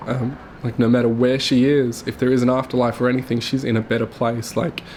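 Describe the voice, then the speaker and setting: A young man telling his late mother's story to camera, tearful and halting, with his voice breaking. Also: mid-range voice, flat delivery, a little mellow, slight background noise. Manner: halting, full of fillers and restarts.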